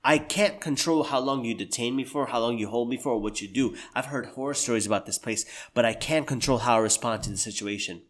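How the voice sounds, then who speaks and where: An American man telling stories on a podcast, animated, often jumping loud and high, saying "bro" all the time. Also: fast, hardly any pauses. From United States. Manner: says "bro" constantly. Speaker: podcast guest. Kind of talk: casual podcast conversation.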